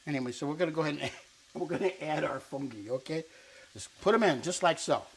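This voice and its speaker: At a quick pace and with lively intonation, a man with a slightly high voice hosts a cooking show. It's a casual demonstration in a kitchen with an island and stovetop, where he chats playfully and introduces Italian words while cooking.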